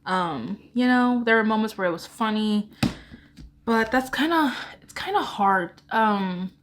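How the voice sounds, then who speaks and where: A woman talks casually into a camera indoors, chatting as a book vlogger. She rambles, giggles and pokes fun at herself. Her voice sits at an ordinary middle pitch. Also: animated, a little slow, noisy background. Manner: rambling, self-deprecating, giggly. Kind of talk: casual chat.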